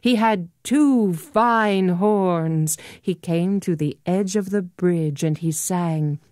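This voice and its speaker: Woman storyteller, very slow expressive telling, dry studio sound. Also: fairly low pitch, no echo. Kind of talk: folk tale storytelling. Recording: dry studio recording with soft music. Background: soft instrumental music.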